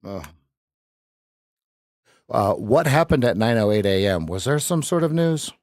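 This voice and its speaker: A man's voice: medium pitch, big pitch swings, unhurried, darkish tone, no echo. A man coaching viewers through live trades on a stream, loose and joking, talking straight to his chat on a close mic. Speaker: trading coach. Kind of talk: live-stream trading commentary.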